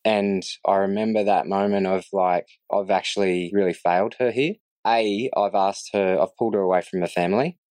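A man earnestly telling his faith story in a casual interview, reflective and quick to laugh. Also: low voice, steady tone, darkish tone, no echo. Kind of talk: casual testimony in conversation.

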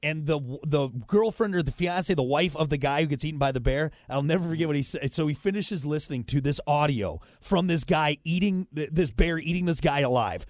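A man's voice: fairly high pitch, fairly quick, few pauses, a little mellow, dry recording, clean studio sound. A man hosting a morning radio show, chatting casually and rambling with lots of fillers. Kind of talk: casual banter.

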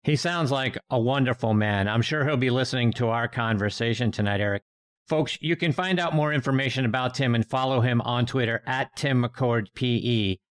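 A man's voice: mid-range voice, moderate pace. A man from Pennsylvania hosting a golf talk show, thanking a guest and asking questions. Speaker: podcast host.

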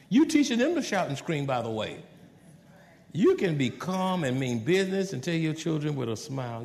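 A man preaching a sermon as pastor, swinging between hushed asides and loud, animated passages. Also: on the high side, normal speed, gravelly. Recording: long reverb of a large hall.

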